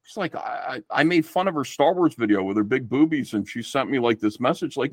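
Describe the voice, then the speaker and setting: A middle-aged man talking casually as a podcast guest and acting out quoted exchanges as he goes. His voice swings widely in pitch. The recording is dry, with no room sound. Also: fast, few pauses, no echo. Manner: animated, swearing, acts out quoted exchanges.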